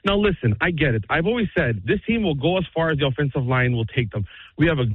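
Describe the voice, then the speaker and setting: A man's voice: on the high side, lively intonation, slightly rough, no echo. Ranting male caller on a tinny phone line. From Canada. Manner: exasperated, rapid-fire ranting. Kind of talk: phone-in rant.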